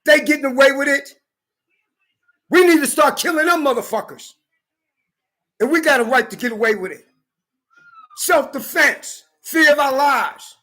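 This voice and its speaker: Angry vlogger, male, very high sharp voice, profane ranting with frequent shouting. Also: animated, moderate pace, long pauses. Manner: heated, profane, often shouting. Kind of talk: angry rant to camera. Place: California.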